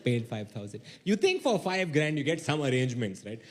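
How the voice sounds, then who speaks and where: A young man from India doing a stand-up comedy set, telling a story with sudden shouted outbursts and mock voices. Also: mid-range voice, very animated, brisk, hardly any pauses, a little hiss or hum.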